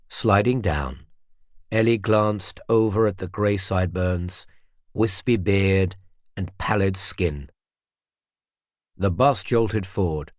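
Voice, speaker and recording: A man with a fairly low voice narrates a thriller audiobook in a measured, even way. The recording is close and completely dry. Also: no echo. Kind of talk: scripted narration.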